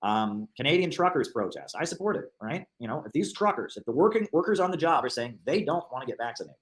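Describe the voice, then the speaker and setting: A man's voice: medium pitch, sing-song, fast talker, poor audio. A man giving political commentary on a livestream, argumentative and emphatic, repeating his points.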